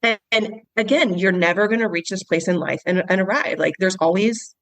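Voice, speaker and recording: A woman's voice: mid-range voice, a little fast, fairly bright tone, no room sound, poor audio. Woman guest, earnest heartfelt storytelling, forties, dry close recording. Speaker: podcast guest, author. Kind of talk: casual interview chat.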